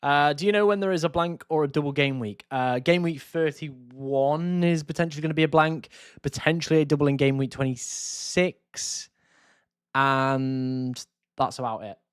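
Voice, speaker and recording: A man's voice: a little high, moderate pace, smooth, no room sound, studio quality. A man, casually answering chat questions on a live stream. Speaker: fantasy football streamer.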